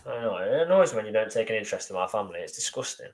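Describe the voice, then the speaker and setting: A man co-hosting a live football fan show, chatting casually with dry, deadpan jokes and reading out viewer comments. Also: fairly low pitch, rapid-fire. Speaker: podcast co-host.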